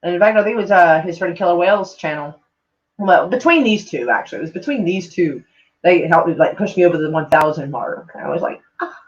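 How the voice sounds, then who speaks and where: A woman's voice: on the low side, fast. Rambling, swearing woman on a lo-fi stream. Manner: rambling, swearing, self-mocking. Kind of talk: casual livestream chat. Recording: dull lo-fi sound.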